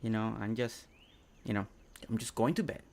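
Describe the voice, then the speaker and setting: A man's voice: on the low side, moderate pace. Chatty Spanish-speaking man streaming a game. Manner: chatty, reads chat aloud, thinks out loud. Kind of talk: casual game live stream.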